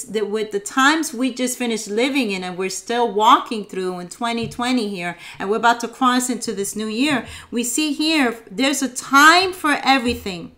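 A woman co-hosting a devotional podcast, speaking earnestly and reading scripture aloud in a measured way. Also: on the high side, a bit bright. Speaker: podcast co-host.

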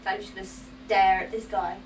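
A woman's voice: medium pitch, little pitch movement, normal speed, roomy sound. A woman player in a tabletop game, teasing and giggly, on a distant mic with faint noise. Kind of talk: casual table banter.

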